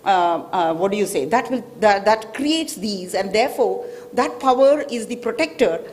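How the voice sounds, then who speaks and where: A woman's voice: medium pitch, expressive, moderate pace, darkish tone. A woman with an Indian English accent giving a public talk as a financial expert, explaining with frequent "right?" checks to the audience. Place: hotel event hall.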